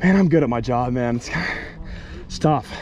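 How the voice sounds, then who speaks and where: Excitable young man with a lively voice. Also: mid-range voice, normal speed. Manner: excitable, joking, shouts when hooked. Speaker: fishing video host. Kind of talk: casual outdoor vlog. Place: outdoors on the water.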